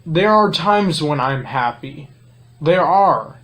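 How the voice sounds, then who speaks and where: A man's voice: fairly high pitch, lively intonation, slow pace, fairly bright tone. A man in an emotional confession, hesitant and self-critical, sighing between words. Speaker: guest.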